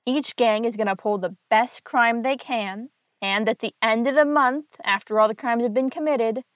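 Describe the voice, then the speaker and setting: A woman's voice: mid-range voice, dry recording. A woman host casually recapping an old comic book story with wry, chatty asides.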